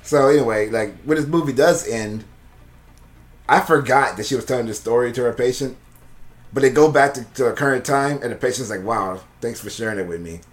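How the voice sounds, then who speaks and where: A podcast co-host recaps a movie in casual chat, his mid-range voice a little fast. He rambles, laughs often and swears freely.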